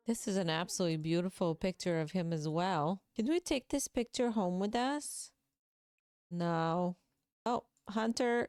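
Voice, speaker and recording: A woman's voice: medium pitch, a little mellow, clean tone, no echo. A woman giving casual, chatty commentary over her own gameplay, reacting emotionally and talking to viewers. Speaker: gaming video creator.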